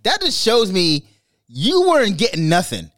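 A man co-hosting a casual chat, animated, swearing freely and laughing often as he talks. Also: high voice, moderate pace, dry recording, studio quality. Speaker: podcast co-host.

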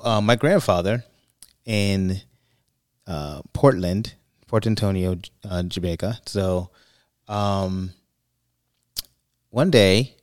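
Male podcast co-host, deep and dry, chatty rambling storyteller. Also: dry recording. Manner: rambling, restarts and fillers, animated when quoting. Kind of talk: casual chat, storytelling.

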